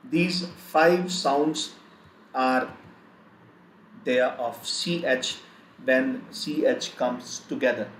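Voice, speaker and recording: A man teaches a live online language class at a very slow, deliberate pace and drills each example word several times. His voice sits a bit high for a man. The computer mic picks up a roomy echo and a faint hiss.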